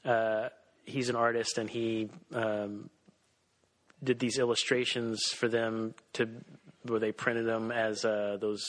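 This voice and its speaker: A man co-hosting a podcast in casual chat, talking excitedly with many restarts. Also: fairly low pitch, slow, poor audio. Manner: excitable, lots of fillers and restarts. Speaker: podcast co-host.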